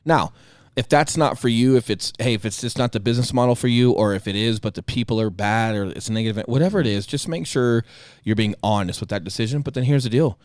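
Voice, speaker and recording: A man in his thirties talks fast and bluntly on a podcast, swearing freely and acting out the people in his story. His voice is dry and close, with no room sound around it. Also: mid-range voice, darkish tone, no echo. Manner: blunt, profane storytelling with reenacted dialogue. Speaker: podcast co-host. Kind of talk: casual chat.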